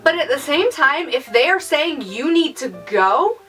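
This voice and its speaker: A young woman ranting in a casual vlog, exasperated and sarcastic, mocking others in high voices. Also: sing-song, measured pace, sharp tone, far from the mic, soft background music. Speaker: YouTuber.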